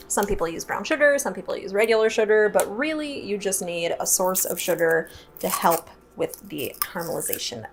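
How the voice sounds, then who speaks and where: A young woman hosting a home cooking tutorial in a kitchen, chatty, playful and self-mocking, laughing often at her own slips. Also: mid-range voice. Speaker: cooking show host.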